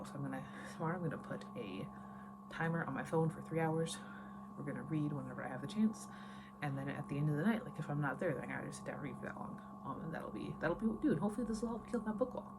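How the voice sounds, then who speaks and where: Chatty low-voiced woman vlogging at home. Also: heavy background noise. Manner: chatty, rambling, with fillers. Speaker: teacher and book vlogger. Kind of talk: casual reading vlog.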